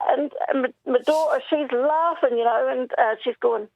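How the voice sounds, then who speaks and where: A woman's voice: sits high, moderate pace, creaky, no room sound. A middle-aged woman with a Northeast English accent, calling in to tell a funny family story and laughing as she talks. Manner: chatty, laughs through her stories. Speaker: caller. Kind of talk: casual phone-in storytelling. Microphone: telephone. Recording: muffled phone line.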